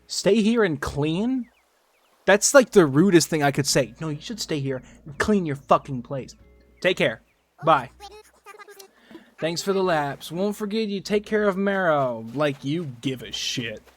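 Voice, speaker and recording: A man's voice: on the high side, animated, a little slow, faint music behind. A man chatting casually on a gaming livestream, rambling, joking and swearing. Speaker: streamer.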